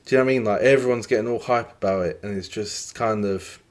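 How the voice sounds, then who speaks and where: A man hosts a casual podcast chat in a lowish voice. He rambles through his opinions and keeps circling back with fillers. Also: fast talker. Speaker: podcast host.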